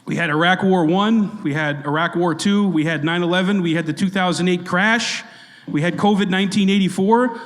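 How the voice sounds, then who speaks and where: A man in his thirties riffs through a live comedy podcast on stage, self-deprecating and quick with a joke. His voice sits high for a man and carries a long reverb from a big hall. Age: 30s. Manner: jokey, self-deprecating, riffing with the crowd. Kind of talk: live stand-up banter. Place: legion hall stage before a live audience.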